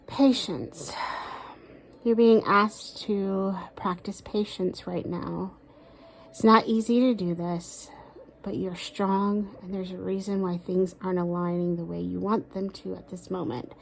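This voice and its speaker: A woman doing a casual tarot reading, talking aloud to a spirit, with sighs, pauses and soft asides. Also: fairly low pitch, steady tone, creaky. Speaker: tarot card reader.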